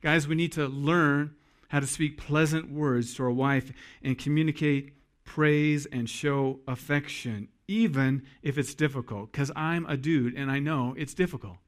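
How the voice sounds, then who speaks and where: A pastor preaching to husbands, folksy and joking. His voice sits a little high for a man. He speaks straight to the men in the room. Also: steady tone, a little slow, hardly any pauses. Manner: folksy, jokey, addresses men directly. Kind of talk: sermon.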